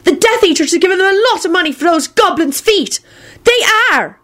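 Woman putting on a squeaky whiny teen witch girl, super stubborn, storybook style. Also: animated, brisk, a bit bright. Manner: high, whiny, insistent.

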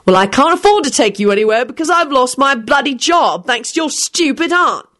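A woman's voice: high voice, animated, brisk, a bit bright, voice pushed up. Woman playing a bitter young man, snappy, scowling.

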